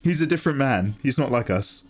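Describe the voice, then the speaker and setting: A man who streams his drawing and chats excitedly, swearing freely and reading out viewer messages. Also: medium pitch, brisk. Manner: excitable, swears freely, reads chat aloud. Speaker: live-streaming artist. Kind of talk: casual livestream chat.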